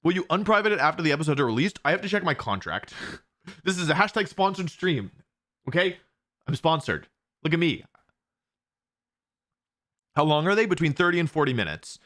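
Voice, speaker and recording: Chatty young male streamer, fairly high voice. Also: big pitch swings, fairly quick, long pauses, a bit bright. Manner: chatty, reads viewer questions aloud and answers them, frequent restarts. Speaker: streamer hosting a watch party. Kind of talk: casual live-stream chat.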